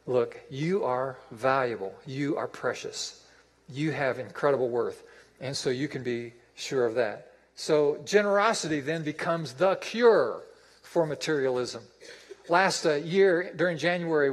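A man's voice: on the high side, in a large hall, low-quality recording. A man preaching a sermon as pastor, emphatic and repeating his phrases for effect.

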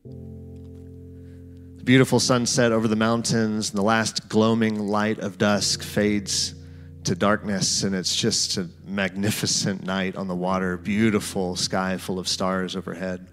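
A man's voice: low-pitched, fairly bright tone. A man preaching a sermon, telling a story in guided imagery and speaking to the listeners as "you". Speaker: pastor.

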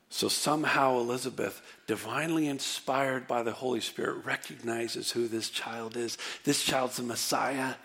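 A man preaching a sermon, animated, rising to emphatic near-shouts and dropping low and soft for contrast. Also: creaky. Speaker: pastor.

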